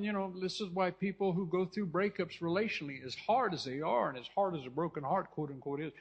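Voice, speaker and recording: A man's voice: high voice, gravelly, husky. A man from California preaching a sermon with fervent, repetitive delivery, often restarting and turning to the congregation with asides. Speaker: pastor. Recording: dull lo-fi recording.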